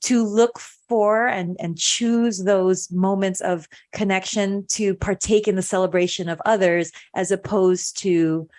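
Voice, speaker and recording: A woman's voice: mid-range voice, fairly even intonation, measured pace, few pauses, darkish tone. A woman hosting a podcast, talking in an earnest, reflective way and repeating phrases for emphasis. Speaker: podcast host. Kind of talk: casual podcast conversation.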